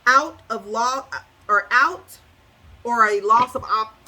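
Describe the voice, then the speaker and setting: A woman's voice: on the high side, takes it slowly, noisy background. A woman giving a tarot reading to the viewer, emphatic and preachy, repeating phrases for effect and breaking into sassy, incredulous outbursts. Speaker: tarot reader.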